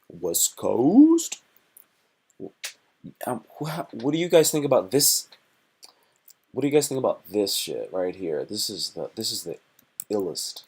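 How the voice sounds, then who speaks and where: A man's voice: sits low, breathy edge. A man hosting his own live stream, rambling and joking in a profane, repetitive way. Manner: joking, profane, repeats himself.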